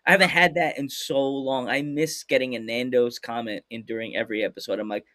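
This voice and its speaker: A man's voice: mid-range voice, fairly even intonation, a little fast, sharp tone, no room sound, studio quality. A young American man hosting a podcast, chatting casually in a hyperactive, rambling way and laughing often. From United States. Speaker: podcast host. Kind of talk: casual chat.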